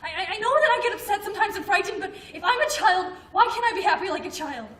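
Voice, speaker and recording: Cast an actress as a childlike adult woman, earnest and halting, very high voice, roomy far-off film sound. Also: close to an everyday voice. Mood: pleading. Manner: earnest, halting, stammers when upset. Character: childlike grown woman, anxious and pleading. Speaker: grandmother's grown daughter. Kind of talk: film drama acting. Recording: roomy, distant film sound, faint noise.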